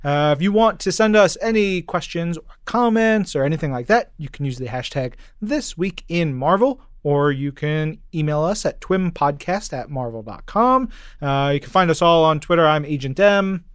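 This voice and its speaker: A man's voice: on the high side, lively intonation, clear, resonant tone, no echo, studio quality. A man hosting a comics podcast, upbeat and joking, in a casual chat. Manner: upbeat, joking, quick asides. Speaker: podcast host.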